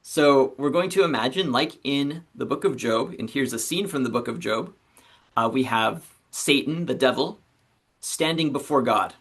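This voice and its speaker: A male philosophy instructor walks through a reading in a relaxed, conversational way. He sometimes stops to correct himself. His voice sits at a medium pitch. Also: normal speed. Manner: conversational explaining, with self-corrections. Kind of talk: recorded lecture reading.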